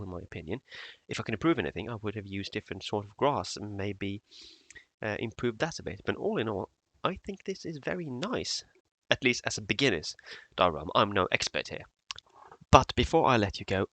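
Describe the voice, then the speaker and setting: A man's voice: medium pitch, a bit bright, no echo. A man presenting his model builds in a casual tutorial vlog, hesitant with many fillers.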